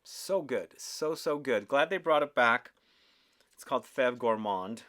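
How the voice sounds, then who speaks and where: Guy doing a chatty perfume review, excited, keeps asking viewers stuff, medium voice. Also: mid-range voice, a little slow. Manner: enthusiastic, often asks viewers questions. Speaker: fragrance reviewer. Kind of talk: casual product review.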